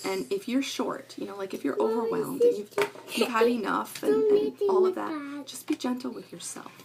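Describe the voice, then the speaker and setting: A woman's voice: on the high side, very animated, normal speed, gravelly, heavy background noise. A middle-aged woman talking casually to camera at home, rambling and earnest with lots of fillers. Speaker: parenting vlogger.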